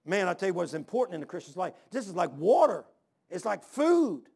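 A man's voice: high voice, very animated, brisk, a little mellow, husky. A middle-aged male pastor preaching a sermon, telling stories and firing rhetorical questions with emphasis.

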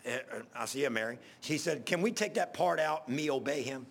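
A middle-aged pastor, preaching in a folksy, rambling storytelling way, repeating himself and getting loud at emotional peaks. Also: male voice, on the high side, lively intonation, a little fast, creaky.

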